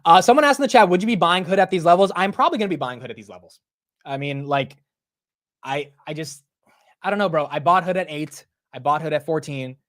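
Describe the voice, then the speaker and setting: A man's voice: on the high side, lively intonation, fairly bright tone, no echo, clean studio sound. Man chatting casually through live stock moves. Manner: chatty, quick asides to the chat, says "bro" and "dude". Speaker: livestream market commentator. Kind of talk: casual live market commentary.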